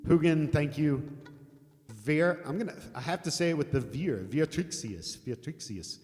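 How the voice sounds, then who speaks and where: On a live music stream, an older American man talks to his viewers in a somewhat high, slightly mellow voice at normal speed. It's a loose, laughing ramble with a bit of cursing. Guitar plays behind him, and the sound has a long reverb.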